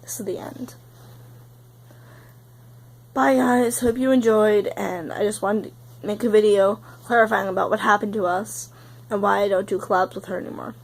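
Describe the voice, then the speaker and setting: A woman's voice: medium pitch, steady tone, brisk, vocal fry, slight background noise, rough recording. A young woman in her teens vlogging, upset and close to tears, rambling and saying "like" a lot. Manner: tearful, rambling, heavy use of "like". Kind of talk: emotional confessional vlog.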